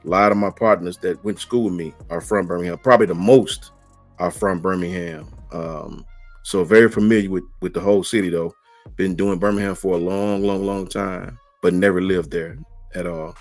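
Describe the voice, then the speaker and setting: Casting: middle-aged man, lowish voice, relaxed slangy stream host, faint music behind. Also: normal speed, no echo. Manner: laid-back, slangy, reads out and answers chat messages. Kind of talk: casual live-stream chat.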